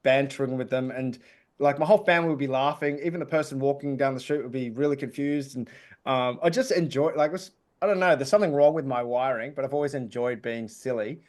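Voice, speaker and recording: Man, podcast comedian guest, loose jokey storyteller, mid-pitched voice. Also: fast talker. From Australia. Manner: chatty storytelling with jokey asides. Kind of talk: casual podcast interview.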